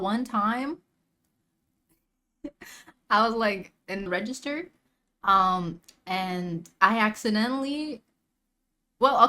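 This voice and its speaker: A young woman streamer goes on a casual reaction rant packed with slang and filler words, her volume swinging from low mutters to near-shouting.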